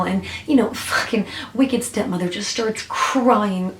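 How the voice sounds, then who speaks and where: Woman vlogger, scornful reaction commentary, middle pitch, echoey room. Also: moderate pace, few pauses. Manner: blunt, scornful, sarcastic.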